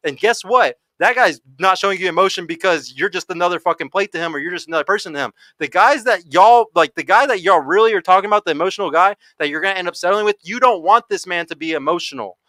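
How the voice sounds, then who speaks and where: Forceful high-voiced American man arguing. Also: no echo. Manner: forceful, swearing, talks over others. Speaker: host. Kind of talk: heated panel debate.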